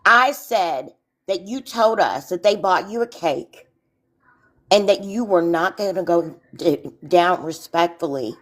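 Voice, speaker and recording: A woman co-hosting a casual talk show, emphatic and repeating herself when worked up. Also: lowish voice. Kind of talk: casual chat.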